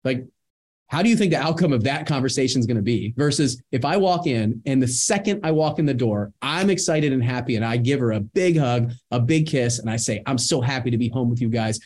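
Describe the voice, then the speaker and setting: A middle-aged man giving a motivational coaching talk, energetic and talking in bursts, often adding "right?" to his points. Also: medium pitch, brisk. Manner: energetic, talks in bursts with many "right?" asides. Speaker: real estate investing coach.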